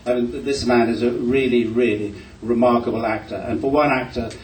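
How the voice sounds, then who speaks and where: A man's voice: mid-range voice, fairly even intonation, a little fast. An older man from Glasgow, a guest actor on a convention panel, answering a question with self-deprecating humour and a few stammered restarts. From Glasgow, Scotland. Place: convention hall. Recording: echoey hall, distant mic, faint noise.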